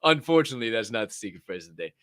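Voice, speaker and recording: A young man hosting a livestream podcast, loud and joking, swearing freely and laughing at himself. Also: mid-range voice, expressive, very fast, no echo, studio quality. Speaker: podcast host. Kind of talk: loose, profane livestream chat.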